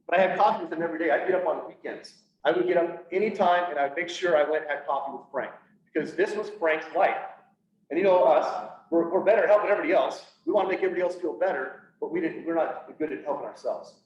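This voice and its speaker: A man's voice: fairly high pitch, slight background noise. Earnest man telling his story in an echoey hall. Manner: earnest, halting, with frequent restarts. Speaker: public speaker on PTSD. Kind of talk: personal storytelling talk. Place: event room, speaking to an audience. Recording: echoey room, voice from far off, dull sound.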